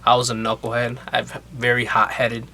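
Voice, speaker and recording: A man's voice: medium pitch, monotone, sharp tone. A man in casual conversation, talking earnestly and reflectively about a music video he helped make. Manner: earnest and reflective, hurried asides. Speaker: music video co-creator reacting to their video. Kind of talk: casual reaction chat.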